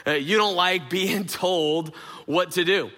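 A man's voice: high-pitched, slow pace, fairly bright tone. A middle-aged man preaching a conversational sermon, telling stories with many fillers and speaking straight to his congregation. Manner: storytelling, filler-heavy, addresses audience directly. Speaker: pastor. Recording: long reverb of a large hall.

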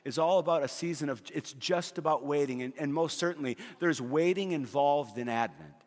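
A middle-aged male pastor preaching, his voice sitting a little high for a man. He tells homey stories with humor, stumbling over repeated words as he goes. The sound carries a long reverb from a big hall. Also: moderate pace, darkish tone. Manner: storytelling with humor, frequent repeated restarts. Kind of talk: sermon.

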